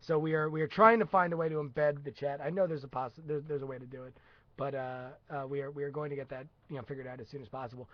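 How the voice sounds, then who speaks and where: A man's voice: mid-range voice, fairly even intonation, fast, no echo. A man hosting a casual live-stream chat, rambling with many restarts and hesitations. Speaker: host. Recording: dull lo-fi sound.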